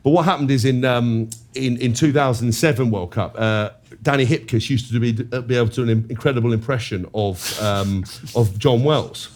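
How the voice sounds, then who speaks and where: An English man co-hosting a rugby podcast, telling loud anecdotes with swearing and quick put-on voices. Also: mid-range voice. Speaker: podcast co-host. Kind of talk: casual banter and storytelling.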